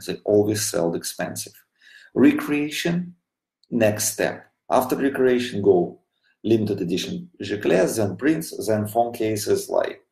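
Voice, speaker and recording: A man with a Russian accent hosting a live video broadcast, speaking earnestly in non-native English with many "you know"s, keeping his voice quiet. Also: on the low side, gravelly, roomy sound, low-quality recording. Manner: speaking quietly so a child can sleep. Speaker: studio representative addressing viewers. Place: home studio.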